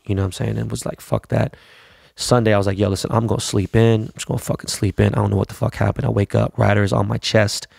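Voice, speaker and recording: A middle-aged man talks through a loose, profane podcast monologue, getting hyped as he rambles. His voice sits low and gravelly. The sound is dry and close to the mic. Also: darkish tone, no room sound. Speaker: podcast host. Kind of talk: casual monologue.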